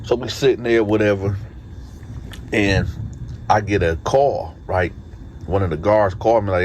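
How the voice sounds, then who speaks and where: A man casually telling a story, animated and conversational, often checking in with his listeners. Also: low voice, moderate pace, pauses often, slight background noise. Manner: animated, conversational, leans on tag questions.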